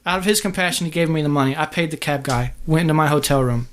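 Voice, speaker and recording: A man with a slightly high voice, a podcast guest retelling a personal story in an earnest, halting way, often restarting his sentences. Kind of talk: casual spoken storytelling.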